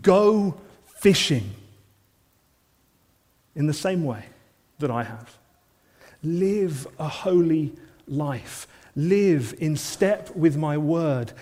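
A man preaching a sermon in an earnest manner, often dropping to soft, intense lines. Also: fairly high pitch, lively intonation, drawn-out words, pauses often, long reverb tail.

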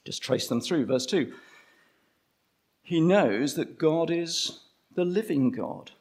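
A man preaching a conversational sermon, slowing down to stress key phrases. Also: fairly high pitch, lively intonation, a little mellow.

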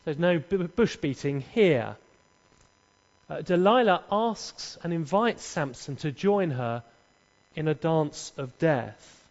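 A man's voice: fairly high pitch, animated, slow, a little mellow. A man preaching, telling a scripture story dramatically with humorous asides, in an echoey church hall. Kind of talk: sermon with acted dialogue. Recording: echoey, dull hall recording.

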